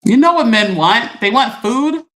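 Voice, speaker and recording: A woman's voice: fairly high pitch, animated, a little slow, fairly bright tone. A middle-aged woman, chatting on a livestream and reading viewer comments, laughing and teasing. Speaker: livestream host.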